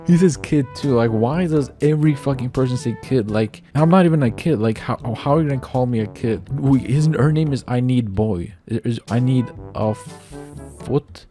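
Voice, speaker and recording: A man narrates his own gameplay in a loose, excitable way, often swearing and stumbling as he repeats himself. His voice sits at a middling pitch with a warm, dark tone. Faint music plays underneath. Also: normal speed. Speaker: gaming YouTuber. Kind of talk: live gameplay commentary.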